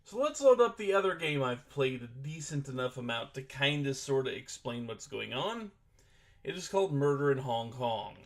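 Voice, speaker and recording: An expressive, mid-range male voice at a moderate pace comes from a casual gaming streamer. Using a desk mic at his computer, he sets up a board game and walks through its rules, thinking aloud and speaking with some hesitation.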